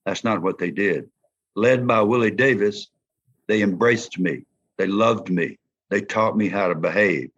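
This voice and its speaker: An older man with a Southern accent, a former football player telling folksy, animated stories in an interview. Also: lowish voice, a little hiss or hum. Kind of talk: storytelling interview. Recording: dull lo-fi sound.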